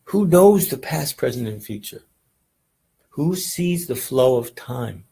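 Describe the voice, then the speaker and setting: A man's voice: medium pitch, expressive, takes it slowly, creaky, mellow, husky, low-quality recording. A man giving a casual, rambling meditation lesson, earnest and often checking in with "right?". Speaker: meditation teacher.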